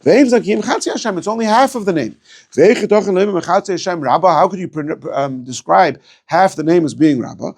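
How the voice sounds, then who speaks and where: Gravelly rabbi teaching a class. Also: male voice, high voice, a little fast, darkish tone. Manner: digressive, thinking aloud with many fillers and restarts. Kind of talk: casual Torah class lecture.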